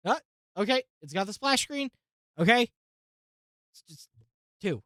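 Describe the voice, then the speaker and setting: A woman hosting a casual tech vlog, talking through a software install and muttering to herself in exasperation, with frequent swearing. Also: mid-range voice, very animated, measured pace, pauses often, no room sound, studio quality. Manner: addresses viewers as folks and guys. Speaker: tech channel host.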